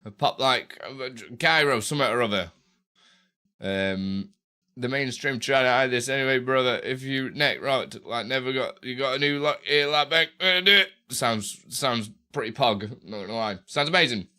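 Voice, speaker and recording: A man's voice: mid-range voice, moderate pace, sharp tone. A young man live-streaming, chatting casually with viewers while he tinkers with his setup, often tripping over and repeating his words.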